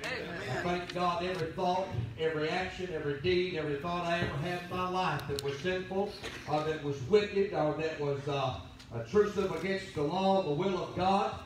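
A man's voice: high voice, normal speed, slight background noise. A man preaching a sermon as pastor, telling folksy stories. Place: church sanctuary. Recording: very echoey church from a distance.

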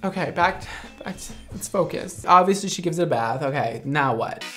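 Gushing, animated male vlogger. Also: on the high side, a little fast, faint music behind. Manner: gushing, dramatic exclamations, says "like" a lot. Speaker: hairdresser reacting to videos. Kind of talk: casual reaction vlog.

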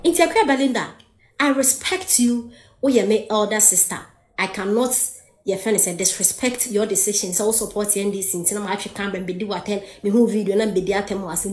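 A woman's voice: medium pitch, expressive, fairly quick, reverberant. A Ghanaian woman giving heated, mocking political commentary, switching between Twi and English.

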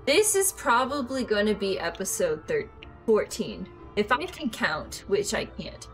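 A woman's voice: medium pitch, very animated, unhurried, soft background music. A woman hosting a casual chat, joking at her own expense and tripping over words. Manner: jokey, self-deprecating, trips over words. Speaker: host and gamer.

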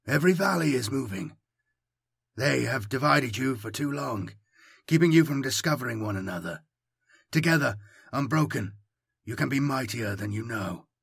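A man voicing a towering warlord who speaks in a soft, thin voice with calm, unwavering conviction, in an audiobook. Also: medium pitch, moderate pace, vocal fry, pauses often, slightly rough, no echo, studio quality, heavily acted. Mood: persuasive. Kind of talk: audiobook character voice.

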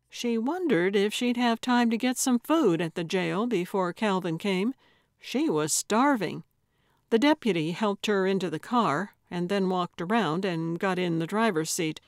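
Slow, measured woman audiobook narrator. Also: medium pitch, no room sound, studio quality. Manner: measured storytelling. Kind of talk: scripted narration.

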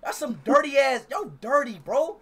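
A man streaming in public, chatting loudly and playfully with strangers in a casual, teasing way. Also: very high-pitched, animated, moderate pace. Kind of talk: casual street chat with strangers.

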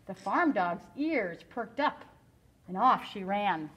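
A woman teacher reading a picture book aloud to children, animated, stopping to explain and ask questions in a classroom. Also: medium pitch, slow pace, a little hiss or hum, low-quality recording.

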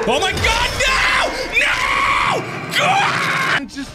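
Guy yelling and cursing at a video game, voice cracking way up high and swinging all over. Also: wildly swooping pitch, drawn-out words, few pauses, loud music behind the voice. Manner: screams, swears and groans at the game in frustration. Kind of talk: let's play commentary.

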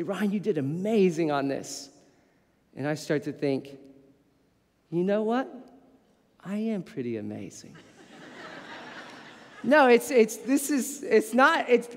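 A man in his thirties preaching a sermon as pastor, telling stories in a lively way and poking fun at himself. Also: high-pitched. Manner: animated storytelling with playful self-mockery. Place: church sanctuary. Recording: long reverb of a church hall.

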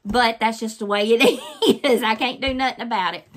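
Folksy Southern grandma with a Mississippi drawl. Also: female voice, a little high, steady tone, normal speed. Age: older. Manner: folksy, rambling, homespun sayings. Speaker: crafting channel host. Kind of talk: casual vlog chat to viewers.

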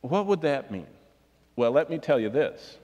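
A man's voice: mid-range voice, big pitch swings, unhurried, a little mellow, in a large hall, highs cut off. A man preaching a sermon, reading scripture and pressing his points with rhetorical questions. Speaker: pastor.

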